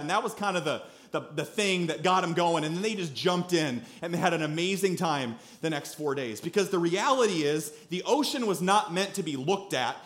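A high-voiced male pastor preaching in a church. He tells stories with animation and bursts into loud acted-out quotes. His delivery is casual and lively. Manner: animated storyteller, acts out quotes loudly. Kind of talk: sermon with a personal story.

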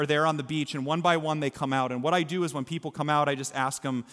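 A man's voice: a little high, fast talker, hardly any pauses, pushed and bright. A man preaching a sermon as pastor, telling a story earnestly in a church. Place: church sanctuary. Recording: reverberant hall with faint music.

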